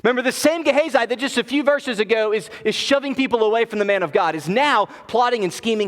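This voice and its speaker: High-voiced pastor preaching earnestly. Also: male voice, lively intonation, fast, few pauses. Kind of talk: sermon. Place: church sanctuary. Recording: long church reverb.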